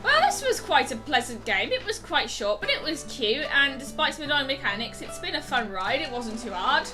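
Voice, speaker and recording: A woman's voice: sits high, very animated, normal speed. A woman hosting a let's play, giving chatty, wry commentary that nitpicks the game, with game music behind. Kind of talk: gameplay commentary.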